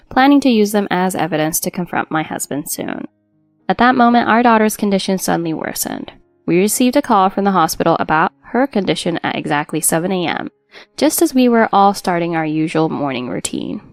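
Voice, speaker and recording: A woman's voice: medium pitch, no echo. A woman reading a first-person drama story as narrator, in an earnest, emotional storytelling manner.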